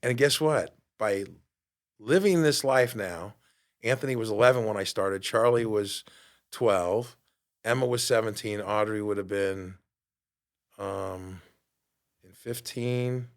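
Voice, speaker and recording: A man in his fifties who hosts a podcast and coaches fitness delivers a lively motivational monologue, performing the voices of people he quotes. His pitch sits fairly low, and he speaks slowly with long pauses.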